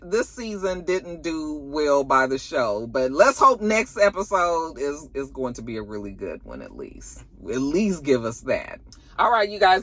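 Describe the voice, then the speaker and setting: A woman, recapping a TV episode in animated, dramatic, slangy storytelling. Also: on the low side. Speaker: TV recap vlogger. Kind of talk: casual recap chat.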